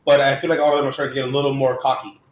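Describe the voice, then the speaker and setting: Talking very fast in a mid-range, level voice, a podcast co-host goes through comic book storylines with upbeat detail during a casual chat. The recording has an echoey room sound.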